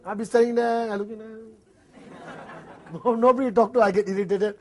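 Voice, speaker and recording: A man's voice: high-pitched, steady tone, brisk, a little mellow. A man with a Malaysian English accent giving a motivational network marketing seminar, acting out little dialogues and often laughing.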